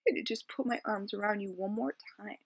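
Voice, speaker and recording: A woman vlogger telling a personal story to camera, halting and searching for words with many fillers, soft and subdued, sometimes sinking toward a whisper. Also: medium pitch, vocal fry, slightly rough.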